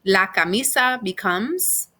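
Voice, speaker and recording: Bright-voiced woman teaching a class. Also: mid-range voice, expressive, slow. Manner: patient, explains step by step with examples. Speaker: Spanish teacher. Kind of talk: recorded class lecture.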